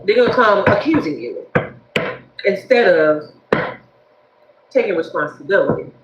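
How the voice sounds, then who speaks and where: A woman giving a livestreamed tarot reading, speaking straight to her viewers in a lively, preachy way. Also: mid-range voice, moderate pace, roomy sound, muffled recording, background noise. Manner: animated, preachy, addresses viewers directly. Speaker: tarot reader.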